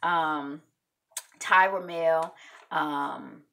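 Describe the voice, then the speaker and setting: Low gravelly-voiced woman vlogger. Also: extremely slow. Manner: chatty, animated, many fillers. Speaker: host recapping a reality show. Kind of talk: casual recap vlog.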